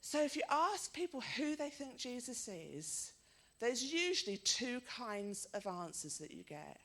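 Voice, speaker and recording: A woman's voice: a little high, very animated, measured pace, a bit bright. A middle-aged woman preaching a sermon, telling stories in a chatty way and putting questions to her listeners.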